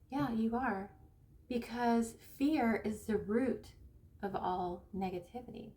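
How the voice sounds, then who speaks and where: A spiritual coach and tarot reader from Northern California chats to camera in a fairly high, warm voice. She rambles and restarts, acts out quotes, and slows down to stress her main points.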